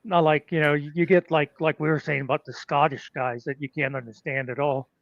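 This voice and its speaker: A man's voice: a little high, steady tone, fairly quick, dry recording. A man co-hosting a casual chat, rambling with fillers and chuckling often. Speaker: podcast co-host. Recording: slightly muffled dry audio.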